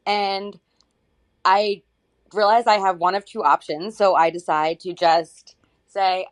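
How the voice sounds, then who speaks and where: Woman, listener message, lowish voice, gentle, reflective storytelling. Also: steady tone, a little slow. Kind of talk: casual storytelling.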